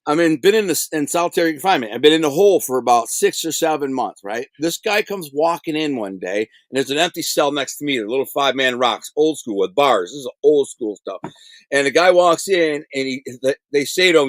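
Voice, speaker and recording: A middle-aged man telling prison stories in a casual interview, animated and streetwise, full of slang and acted-out quotes. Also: mid-range voice, brisk, no room sound.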